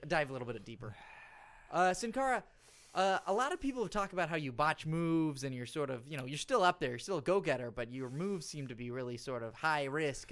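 A man co-hosting a comedy podcast, playing a faux-serious interviewer with a deadpan delivery and many hesitant fillers. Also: medium pitch. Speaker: podcast co-host. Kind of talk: comedic mock interview and banter.

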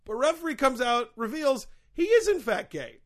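A man's voice: very high voice, very animated, moderate pace. A man co-hosting a comedic podcast in casual chat, rambling and hedging with lots of fillers. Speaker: podcast co-host.

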